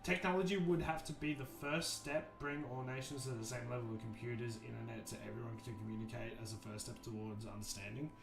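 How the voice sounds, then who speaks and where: A man hosting a livestream, chatting casually and thinking out loud, restarting his sentences often. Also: medium pitch, fairly even intonation, fast, vocal fry, hardly any pauses. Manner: rambling, thoughtful, many restarts and fillers. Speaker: livestream host. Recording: roomy echo, faint music behind.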